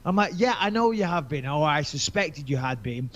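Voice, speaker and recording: A man co-hosting a podcast, telling a story in a casual, animated and profane way and acting out both sides of phone calls. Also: fairly high pitch, moderate pace. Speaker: podcast co-host.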